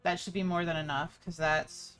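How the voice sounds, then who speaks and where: A woman's voice: fairly low pitch, steady tone, normal speed, fairly bright tone, faint music behind. A woman player talking through plans in a casual, hesitant way. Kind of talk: casual game talk.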